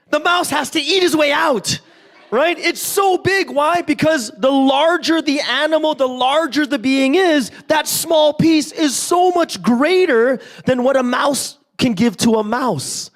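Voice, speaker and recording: This man's voice is very high, moving at a normal speed. At a church service, the Canadian preacher's interactive sermon is full of lively storytelling, small acted-out voices and questions to the congregation, punctuated again and again by "right?".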